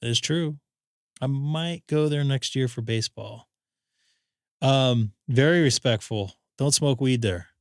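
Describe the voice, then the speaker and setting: A man's voice: mid-range voice, unhurried, no echo, studio quality. A man hosting a ham radio live stream, telling rambling stories in casual chat and acting out quotes. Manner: rambling anecdotes with acted-out quotes.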